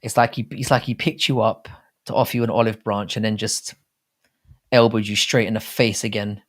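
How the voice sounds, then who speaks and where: A young English man with an English accent and a somewhat low voice hosts a casual live chat. He rambles loosely, swears freely and reads out viewer comments as he goes. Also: little pitch movement, fairly quick. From England. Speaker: livestream host.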